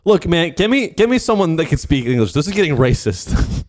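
A man co-hosting a comedy podcast, trading quick jokes. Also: fairly high pitch, sing-song. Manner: laughing, quick comebacks. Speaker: podcast co-host. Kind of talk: casual comedic chat.

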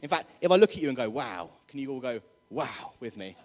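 A man's voice: medium pitch, lively intonation, rapid-fire, darkish tone. A man delivers a loose, humorous sermon, chatting with the crowd and getting them on their feet. His mid-range voice carries through a church hall with a long, lingering reverb. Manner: jokey, chatty, crowd-rousing. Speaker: preacher. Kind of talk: casual sermon.

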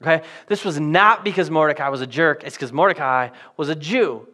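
A man's voice: a little high, a little fast, bright, forceful tone. A man preaching a sermon in a conversational, jokey style with modern slang. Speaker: pastor.

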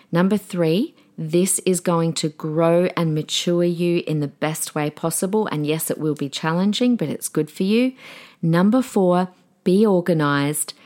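Chatty encouraging woman podcast host. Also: fairly low pitch. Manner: encouraging, chatty, lively with small restarts. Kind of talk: solo podcast talk.

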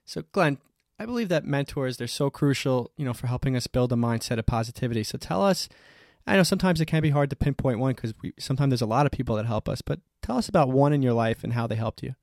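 A man hosting an interview, asking brisk, encouraging questions. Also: mid-range voice, lively intonation, creaky, a little mellow, no room sound, studio quality. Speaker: interviewer host.

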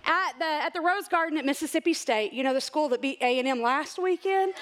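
Middle-aged woman, high voice, excited storyteller at church. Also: a little fast, a little hiss or hum. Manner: chatty, excited, laughs often. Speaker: church speaker. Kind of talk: church talk with personal stories.

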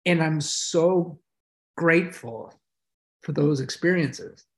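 A man's voice: on the high side, takes it slowly. A middle-aged American man, a veteran guest on a podcast, telling his story in a reflective, emotional way with many fillers and restarts. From United States. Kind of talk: casual interview storytelling.

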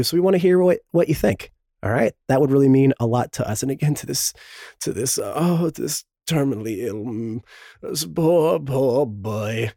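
A man with a sore, strained throat hosts a podcast and reads through the promo segment. His mid-pitched voice sounds dry and close, and he drops in joking, self-pitying asides about being ill. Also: mellow, dry recording. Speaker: podcast host. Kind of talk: sponsor-style promo read.

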